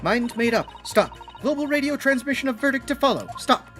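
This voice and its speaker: A gruff male juror barks short clipped phrases like a telegram, in a put-on Russian accent, as a man voices him for a game. His delivery is terse and matter-of-fact, with a voice that swings freely. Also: extremely high pitch, lively intonation, fairly quick, a bit bright, soft background music, pitched above the performer's own voice.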